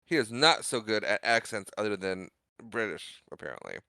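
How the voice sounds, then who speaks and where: Man, podcast co-host, casual movie recap, low-ish voice, crisp, dry close mic. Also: animated, moderate pace, sharp tone, no echo.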